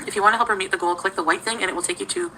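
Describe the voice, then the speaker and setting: A woman's voice: mid-range voice, bright, forceful tone, a little hiss or hum, rough recording. A woman talking casually on a livestream, greeting viewers by name and giggling often.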